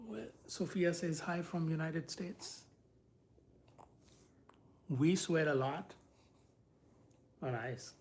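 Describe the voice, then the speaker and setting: A man's voice: fairly high pitch, animated, extremely slow, pauses often. A man chatting casually and at length with viewers on a live stream from home, as a parent. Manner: rambling, chatty, talks straight to viewers.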